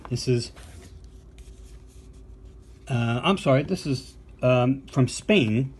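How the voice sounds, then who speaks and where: A man's voice: mid-range voice, slow pace, long pauses, a little hiss or hum. An older American man, a podcast co-host and vinyl collector, talking casually and enthusiastically through a box of records with fillers and asides. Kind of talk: casual unboxing show-and-tell.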